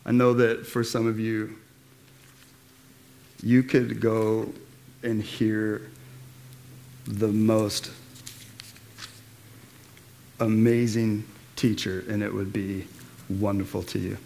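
A man's voice: lowish voice, little pitch movement, slow, creaky, long pauses, a little mellow, a little hiss or hum. A man preaching a sermon as pastor, in a casual, slangy way, rallying the congregation. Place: church.

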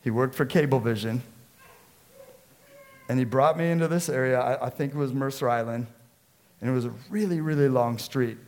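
Male pastor, sermon, animated storytelling, from the seattle area. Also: medium pitch, normal speed, pauses often. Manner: storytelling, animated, acts out quotes.

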